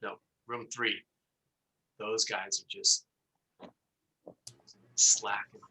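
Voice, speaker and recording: A man teaching an online class, telling an animated story and acting out the voices as he explains. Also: lowish voice, extremely slow, rough recording. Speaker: instructor.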